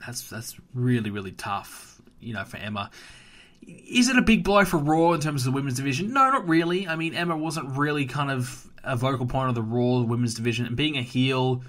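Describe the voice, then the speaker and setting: A man's voice: mid-range voice, a bit bright. A young Australian man hosting a solo wrestling podcast, ranting emphatically with plenty of fillers and restarts. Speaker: podcast host.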